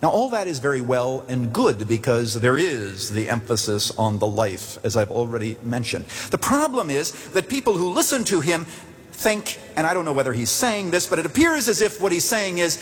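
Male preacher at the pulpit, measured storyteller, slightly husky, long hall echo. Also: on the high side, expressive. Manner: deliberate storytelling with emphatic pauses. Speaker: pastor. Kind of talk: sermon. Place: church sanctuary at the pulpit. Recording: long church reverb.

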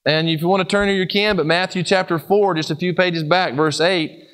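A man preaching a sermon, telling stories and swinging between emphatic and hushed delivery. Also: high voice, steady tone, a little fast.

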